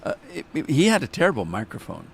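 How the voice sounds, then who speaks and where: A man's voice: a little high, huge pitch swings, fast talker, creaky, breathy edge. A man chatting casually on a live stream, talking candidly and rambling with frequent restarts.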